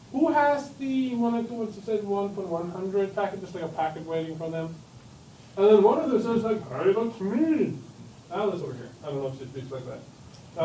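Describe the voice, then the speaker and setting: A man teaching a university class, joking and acting out computers in quick quoted voices. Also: high-pitched, mellow, a little hiss or hum. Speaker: university lecturer. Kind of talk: classroom lecture. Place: lecture hall. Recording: echoey lecture hall from far off.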